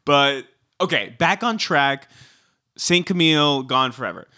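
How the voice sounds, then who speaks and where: A man's voice: fairly high pitch, lively intonation, unhurried, bright, forceful tone, dry recording, clean studio sound. A man co-hosting a podcast, bantering and teasing in a casual reality-TV recap. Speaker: podcast co-host.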